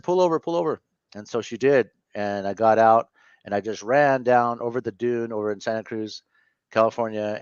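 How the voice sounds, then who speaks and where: A man in his fifties, a guest telling a personal story in an interview, earnest and candid, with halting speech and frequent self-corrections. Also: on the low side, darkish tone, dry recording, muffled recording. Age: 50s.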